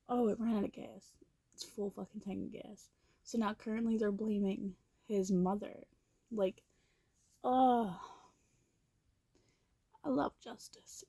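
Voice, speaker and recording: A young woman casually recapping a movie while she watches it at her computer, blunt and profane, with animated reactions and quiet asides. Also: medium pitch, creaky.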